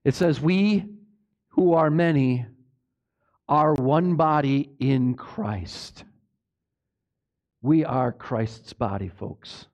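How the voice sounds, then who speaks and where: A man's voice: mid-range voice, drawn-out words, pauses often, a little mellow. A male pastor preaching a sermon in an emphatic way, often asking the congregation for an amen. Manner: emphatic, asks the congregation for amens.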